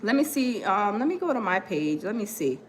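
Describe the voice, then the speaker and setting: A woman's voice: mid-range voice, very animated, moderate pace, a little hiss or hum. A woman hosting a casual gossip livestream, rambling and chatty with lots of fillers while she searches for clips. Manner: rambling, chatty, many fillers and hold-ons. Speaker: gossip YouTuber host.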